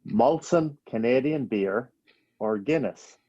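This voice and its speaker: A man hosting a podcast, firing off quick playful questions and laughing easily. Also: mid-range voice, lively intonation, warm tone, dry recording, highs cut off. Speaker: podcast host. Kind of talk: rapid-fire interview questions.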